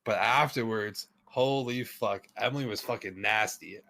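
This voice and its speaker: A man's voice: fairly low pitch, moderate pace, creaky, sharp tone, dry recording. A young man telling a story in casual podcast chat, rambling, laughing often and swearing a lot. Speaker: podcast guest.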